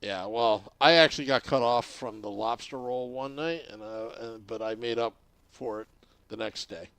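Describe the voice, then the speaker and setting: A man's voice: mid-range voice, moderate pace, gravelly, a bit bright, clean tone, no echo. A man in casual chat, speaking hesitantly in a dry, understated way.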